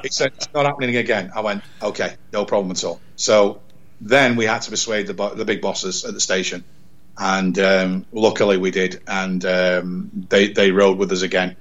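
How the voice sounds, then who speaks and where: A man from England, a radio presenter, telling an animated story in casual chat, repeating words and acting out dialogue. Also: low-pitched, normal speed, muffled recording. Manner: rambling, repeats words, acts out quoted dialogue. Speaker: radio presenter, podcast guest.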